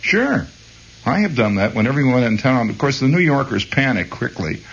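Husky, meandering male radio host. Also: mid-range voice, a little fast, lo-fi sound. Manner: meandering, hesitant, chuckling. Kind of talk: rambling late-night radio monologue.

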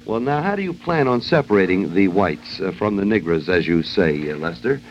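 A male radio host riffs through a joking monologue in a fairly low voice with a lively, wandering melody. His delivery is wry and loose, full of asides. The sound is dull and lo-fi, with a faint hiss behind it. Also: moderate pace.

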